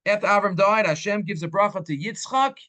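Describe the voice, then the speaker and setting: A man teaching a Torah class as a rabbi. He speaks animatedly and sprinkles Hebrew and Yiddish terms into his English. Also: a little fast. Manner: animated, acts out quoted speakers with swings in pitch.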